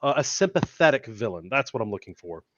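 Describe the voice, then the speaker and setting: A man chatting casually on a podcast, playful and pausing to search for words. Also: medium pitch, big pitch swings, fairly bright tone. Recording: dull dry sound.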